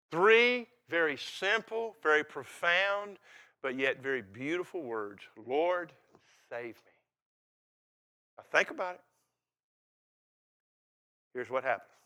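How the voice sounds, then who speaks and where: An older man delivers a sermon with a folksy, emphatic manner, moving between hushed reflection and loud bursts. His voice sits a little high, with a bright, forceful edge. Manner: folksy and emphatic, swings from quiet to loud and laughing. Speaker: preacher.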